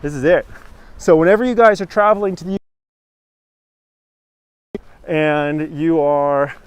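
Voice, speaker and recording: A man's voice: a little high, a little slow, clear, resonant tone, dry recording. A man hosting a live walking tour outdoors, chatting and joking while answering viewer comments. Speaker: tour guide host. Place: outdoors on a village street with passing trucks.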